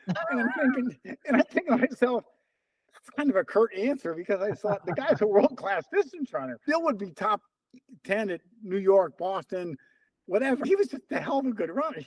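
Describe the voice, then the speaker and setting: Animated older man telling stories. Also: high voice, fairly quick, no echo. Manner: animated storyteller, acts out quoted dialogue. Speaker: interview guest, runner and coach. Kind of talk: casual storytelling.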